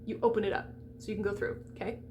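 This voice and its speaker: A woman's voice: mid-range voice, steady tone, very fast, darkish tone, slight background noise. Chatty, emphatic woman voice coach. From United States. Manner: chatty, emphatic, demonstrates sounds aloud. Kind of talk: pronunciation lesson for singers.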